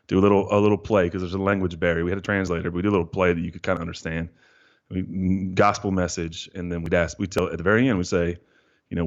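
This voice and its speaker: A man in his thirties telling a personal story casually on a podcast, animated and saying "dude" a lot as he acts out his own thoughts. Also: low-pitched. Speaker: guest. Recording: dull lo-fi podcast audio.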